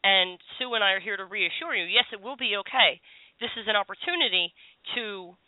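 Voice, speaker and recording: A woman's voice: medium pitch, fairly quick, no echo. A woman hosting a call-in radio show as a psychic, chatty and reassuring. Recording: tinny phone-line radio sound.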